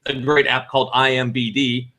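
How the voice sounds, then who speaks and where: A middle-aged man co-hosting a casual talk show, with a bright, forceful tone. He rambles and restarts his sentences, piling on asides as he goes. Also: medium pitch, little pitch movement, normal speed. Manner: rambling, restarts and self-corrections. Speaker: podcast co-host. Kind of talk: casual chat.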